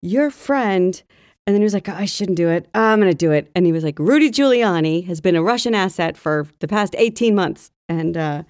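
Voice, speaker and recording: A woman's voice: fairly low pitch, expressive, normal speed, darkish tone, no room sound. Chatty woman podcaster, dry close sound. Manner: chatty, gossipy storytelling. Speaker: podcast co-host. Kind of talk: casual chat.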